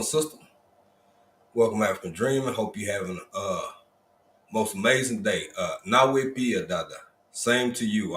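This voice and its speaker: Man, low voice, folksy livestream host, echoey room. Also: fairly bright tone, a little hiss or hum. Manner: folksy, drawling Southern Black vernacular, repeated greetings. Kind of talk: casual livestream chat, greeting viewers.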